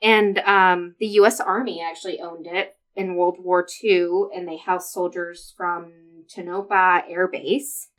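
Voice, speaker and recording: A woman's voice: on the low side, fairly even intonation, a little slow, hardly any pauses, low-quality recording. Woman podcast co-host, chatty storyteller, lots of fillers and laughter. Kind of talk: casual chat, telling a history story.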